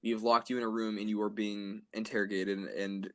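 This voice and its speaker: A man's voice: on the low side, level tone, a little fast. A teenage man co-hosting a casual comedy podcast, joking and riffing with a laugh. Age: late teens. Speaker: podcast co-host.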